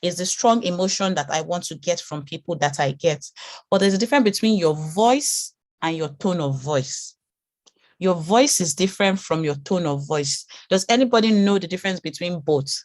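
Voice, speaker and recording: A woman with a lowish voice teaches a branding lesson in a calm, reassuring manner. She often repeats words while she gathers her thoughts. The sound is dry and close. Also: normal speed, dry recording. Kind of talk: online class lecture.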